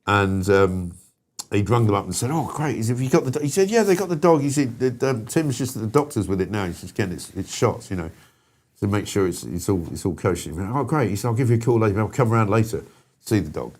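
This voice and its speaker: A man's voice: lowish voice, expressive, quick pace, a little mellow. A man hosting a talk show, telling an anecdote in a casual, chatty way and laughing at his own story. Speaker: host.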